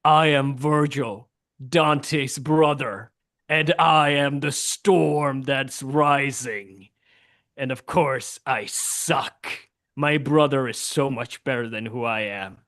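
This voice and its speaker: A man's voice: mid-range voice, steady tone, slow pace, fairly bright tone. Brooding jealous demon-hunter brother, as a man puts him on, grandiose and self-mocking. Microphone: video call.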